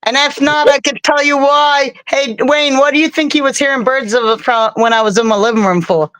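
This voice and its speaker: A woman's voice: high-pitched, fairly even intonation, moderate pace, a bit bright, no room sound, low-quality recording. A woman hosting a casual live stream from her bedroom by an open window, chatty and rambling, laughing often.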